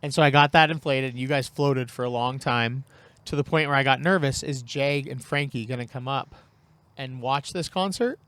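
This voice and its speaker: A man co-hosting a podcast, telling a story in a relaxed, chatty way and acting out the lines he quotes. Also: medium pitch, normal speed, clean tone, no room sound. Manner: animated, acts out quoted lines. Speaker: podcast co-host. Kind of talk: casual storytelling chat.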